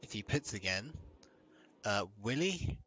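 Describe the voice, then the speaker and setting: A man calls an online race in a loose, conversational way, breaking into laughter now and then. His voice sits a little low, and his easygoing pace never feels scripted. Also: a little slow, husky. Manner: relaxed, chatty, laughs often. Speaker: race commentator. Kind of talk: casual live race commentary.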